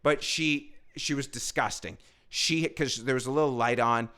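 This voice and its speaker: Comedian guy rambling through a story, swears a lot, punchy bright voice. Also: mid-range voice, normal speed, smooth. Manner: profane, rambling, animated. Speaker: stand-up comedian.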